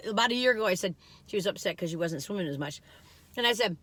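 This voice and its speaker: A woman's voice: mid-range voice, fast talker, a little hiss or hum. A woman in her sixties, retired, chatting casually and rambling from one story to the next while taste-testing food for her vlog. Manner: lively swings between loud excited bursts and quiet musing. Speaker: food vlogger. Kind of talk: casual taste-test chat.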